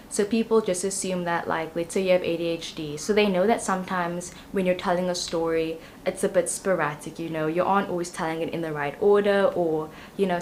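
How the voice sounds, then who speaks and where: A young woman gives a casual tarot reading to camera, chatty and rambling, full of ums and you-knows. Her voice sits on the low side, with slight background noise.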